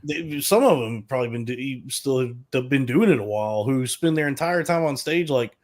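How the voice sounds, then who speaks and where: A man's voice: medium pitch, a little fast. A man co-hosting a podcast, explaining at length in casual chat. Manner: long-winded, explaining. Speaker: podcast co-host.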